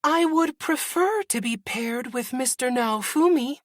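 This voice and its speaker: A man voicing a polite, devoted young beastkin girl in a high, soft voice. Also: lively intonation, unhurried, no echo, clean studio sound, heavily acted. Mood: calm.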